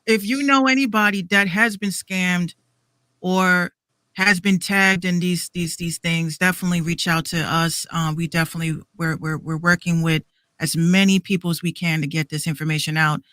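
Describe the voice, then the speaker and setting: A woman's voice: on the low side, steady tone, moderate pace, fairly bright tone, dry recording, clean studio sound. A woman in her thirties hosting a podcast, ranting heatedly with lots of restarts and swearing. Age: 30s. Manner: heated, repetitive, swearing rant with many restarts. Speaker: podcast host. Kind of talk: casual podcast rant.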